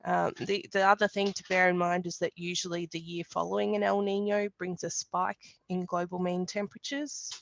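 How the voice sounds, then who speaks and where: A woman, a climatologist, explains forecasts in a webinar presentation, measured and explanatory, with frequent ums and restarts. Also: on the low side, level tone, creaky, slight background noise. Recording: dull lo-fi webinar audio.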